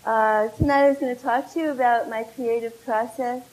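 A woman in her forties opens a public talk about her art. Her voice sits slightly high, and she introduces herself plainly and in a friendly way. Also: steady tone, moderate pace, a little mellow, rough recording. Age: 40s. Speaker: artist giving a talk.

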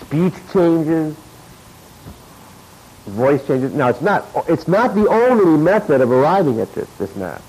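A man teaching as an acting coach, talking in an informal lecture and acting out replies in sudden high bursts. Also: a little slow, slightly rough. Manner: animated, acts out his own and students' replies in sudden high bursts. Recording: noisy recording with steady background noise.

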